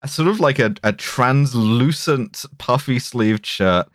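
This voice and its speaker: A man's voice: mid-range voice, slow, no echo, studio quality. A man hosting a casual film podcast, retelling the plot in a rambling, profane way. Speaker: podcast host.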